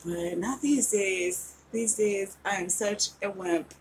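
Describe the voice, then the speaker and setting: The audio is poor, with slight background noise, as a woman in her forties from West Virginia talks slowly in a mid-range voice. She's an author casually chatting with viewers during a live writing session, giggly and prone to rambling.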